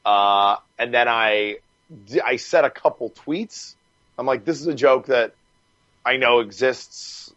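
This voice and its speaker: A man guest on a podcast, telling stories in a casual, animated way, swearing freely and laughing as he goes. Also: medium pitch, slow pace, dry recording, highs cut off. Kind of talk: casual storytelling.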